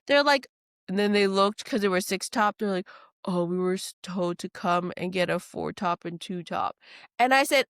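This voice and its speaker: A woman from New Orleans, a guest chef telling stories in a casual podcast chat. She swears freely and acts out other people's lines with lively quoting. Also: medium pitch, normal speed, no room sound, clean studio sound. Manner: animated storytelling, acts out quotes, swears freely.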